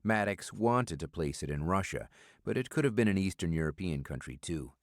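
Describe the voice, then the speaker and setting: Deep-voiced male audiobook narrator. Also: expressive, moderate pace, dry recording, clean studio sound. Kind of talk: scripted narration.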